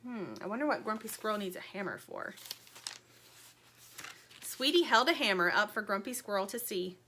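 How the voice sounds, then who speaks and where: A woman reading a children's chapter book aloud in an expressive, friendly storytelling manner. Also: medium pitch, normal speed, a little hiss or hum.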